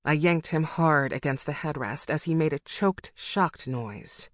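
Low-voiced woman narrating a novel. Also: a little slow, no echo, studio quality. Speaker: audiobook narrator. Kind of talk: first-person novel narration.

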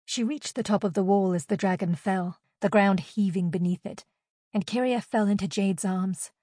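A woman narrates a fantasy audiobook in a steady, expressive reading. Her voice sits at a middle pitch, and the recording is close and dry with no room sound. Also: normal speed, dry recording.

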